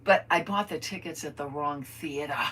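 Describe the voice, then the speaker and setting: A woman's voice: low voice, normal speed, a bit bright, husky. An older woman chatting casually to viewers while she crafts at home, rambling through stories and talking to them as friends. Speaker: crafter vlogger.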